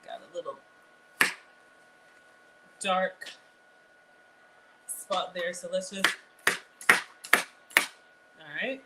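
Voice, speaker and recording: A woman's voice: lowish voice, drawn-out words, long pauses, very noisy. A woman, chatting casually to viewers as she runs a live cooking demo. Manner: chatty, talks straight to viewers. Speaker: cooking live-stream host.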